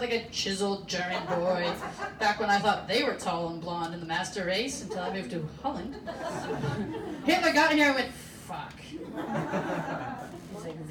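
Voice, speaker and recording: Brash American woman comic, roomy club. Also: sits high. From Alaska, USA. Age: 30s. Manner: brash, profane, confiding with the crowd. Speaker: stand-up comedian. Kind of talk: stand-up comedy set. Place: comedy club stage. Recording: roomy club sound from a distance, audience audible.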